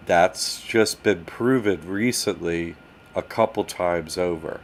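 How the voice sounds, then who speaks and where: A man's voice: deep voice, takes it slowly. A man hosting a live stream, talking casually to chat while he struggles with his screen. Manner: animated, talks to chat while fumbling with the screen. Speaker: livestream host answering chat. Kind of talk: casual livestream talk.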